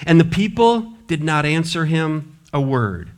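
Man, pastor preaching in church; fairly high voice, lively and humorous delivery. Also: a little slow. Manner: lively, playful preaching with asides and trash-talk humor; animated, shifting between loud and hushed delivery. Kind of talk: sermon.

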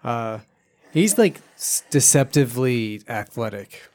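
A man's voice: medium pitch, expressive, unhurried, darkish tone. A man co-hosting a casual sports podcast, easygoing and laughing along. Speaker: podcast co-host.

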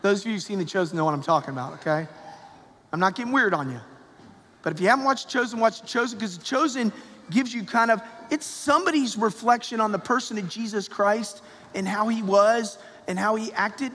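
High-voiced priest preaching in echoing church. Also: male voice, fairly quick, bright, forceful tone, a little hiss or hum. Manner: conversational, repetitive, rising to emphatic calls. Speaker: parish priest. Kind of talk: sermon. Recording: long church reverb.

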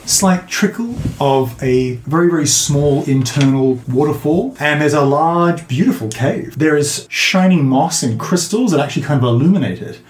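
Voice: medium pitch, animated, slight background noise. Roomy-sounding tabletop game master. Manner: slows for descriptive narration. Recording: roomy echo.

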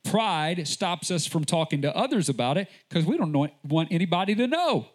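A man pastor preaching a sermon, emphatic, with repeated rhetorical questions and a deliberate delivery. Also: very animated. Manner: slow, deliberate delivery with sudden rises in pitch.

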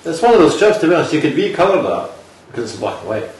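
A man co-hosting a casual chat, jokey and quick to laugh. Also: on the high side, sing-song. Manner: chatty, laughs often, jokey. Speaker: podcast co-host. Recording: echoey room, mic far off, faint noise.

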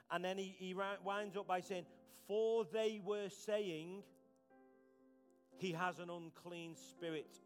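A man preaching a conversational, earnest sermon as pastor, often repeating words. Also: high voice.

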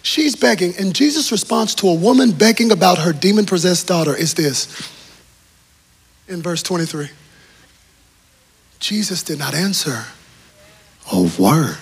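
A middle-aged man preaching a sermon as pastor, telling stories with humor and swinging from hushed tones to shouts. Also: high voice, animated, unhurried, creaky, pauses often, slightly rough. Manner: humorous, storytelling. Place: large church auditorium.

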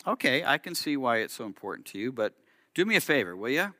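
A man voicing a patient, commanding God who gives calm, coaxing instructions. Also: medium pitch, quick pace, no echo, clean studio sound.

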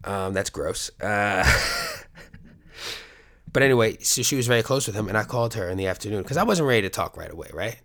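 A man's voice: lowish voice, animated, brisk, a bit bright. A middle-aged man, a coach, talking candidly to his viewers in a rambling, profane, joking way. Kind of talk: casual monologue to viewers.

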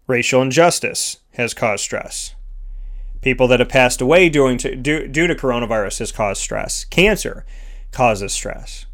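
A man's voice: mid-range voice, unhurried, a bit bright. A man hosting a motivational self-help segment, speaking earnestly in repeated, emphatic lists. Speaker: host of a sponsored motivational segment.

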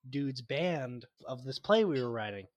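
A man's voice: mid-range voice, lively intonation. Stammering young man, casual chat. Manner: halting, stammering restarts. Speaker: guest.

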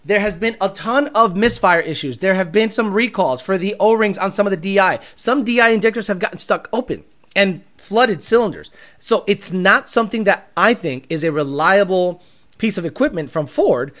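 A man talking casually on a livestream as a performance car tuner, blunt and animated, swearing freely. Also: high voice, moderate pace.

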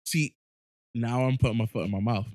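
A man co-hosting a podcast in casual chat, telling stories in animated, excited bursts. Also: mid-range voice, a little fast, no room sound, clean studio sound. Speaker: podcast co-host.

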